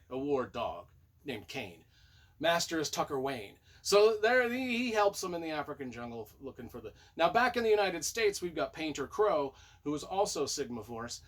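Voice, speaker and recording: A man's voice: on the high side, a bit bright. A man with a slightly raised voice reviews a book from home. He rambles through the plot, drifts into playful asides and keeps correcting himself along the way. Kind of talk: casual spoken book review.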